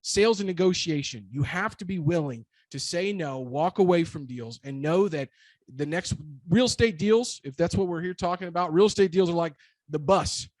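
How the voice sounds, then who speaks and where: A man with a slightly raised voice speaks as a guest in an energetic motivational talk. He drives his points home with short, repeated phrases. The sound is dry and close to the mic. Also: fairly high pitch, normal speed, no room sound. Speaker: real estate broker and guest speaker.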